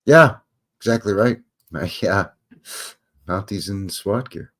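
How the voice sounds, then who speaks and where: A man's voice: on the low side, slow pace, fairly bright tone. A man hosting a live stream, talking casually over old photos with joking, rambling, wry asides. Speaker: livestream host.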